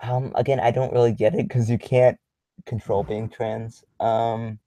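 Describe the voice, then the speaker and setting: A man's voice: mid-range voice, little pitch movement, measured pace, mellow, no echo. A young man hosting a casual livestream, reading chat questions aloud and answering in a rambling, blunt way full of ums and swearing. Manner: rambling, filler-heavy, blunt and profane.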